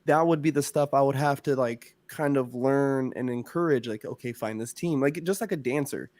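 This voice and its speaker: A man on a podcast, talking casually about coaching and raising kids. He rambles in a relaxed, slangy way, recorded close and dry with no room sound. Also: mid-range voice, moderate pace, no room sound. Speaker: podcast co-host, former youth coach.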